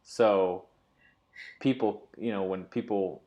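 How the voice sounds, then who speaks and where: Low-voiced man, halting chat. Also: steady tone, dull audio. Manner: hesitant, many fillers and restarts. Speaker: co-host. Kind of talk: casual storytelling chat.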